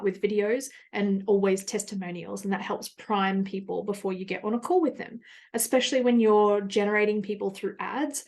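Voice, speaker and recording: A woman's voice: mid-range voice, fairly even intonation, normal speed, a little mellow. A woman hosting a podcast, talking candidly and chattily in a casual solo monologue, with plenty of fillers and asides. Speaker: podcast host.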